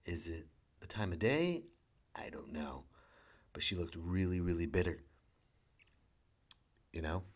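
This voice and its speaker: A man's voice: low-pitched, measured pace, pauses often. A man, a father, hosting a podcast and telling a rambling, sarcastic comedic story. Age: young adult to middle-aged, a father. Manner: rambling, sarcastic, acts out quotes. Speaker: podcast host.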